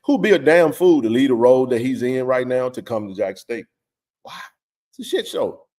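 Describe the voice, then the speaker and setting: A man's voice: mid-range voice, big pitch swings, normal speed, a little mellow. A middle-aged man hosting a live sports stream, talking with passionate, blunt, emphatic energy and plenty of slang.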